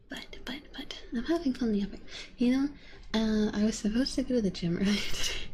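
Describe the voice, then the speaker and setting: Woman ASMR streamer, mellow gravelly voice, rambling soft chat and whispers, faint room hiss. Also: mid-range voice. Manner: rambling and chatty, with many fillers. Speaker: VTuber streamer. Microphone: binaural ASMR microphone.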